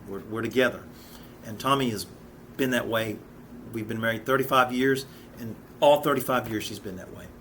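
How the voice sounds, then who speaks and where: A man's voice: on the low side, bright, forceful tone, slight background noise. A man in his fifties teaching a Bible study in an earnest, conversational way, often restarting and repeating words. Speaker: Sunday school teacher.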